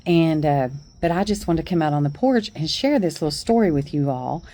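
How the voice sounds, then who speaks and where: A woman's voice: sits low, animated, brisk, mellow. A middle-aged woman telling a story on her porch in a chatty, folksy way, laughing along. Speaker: vlogger. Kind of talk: casual storytelling.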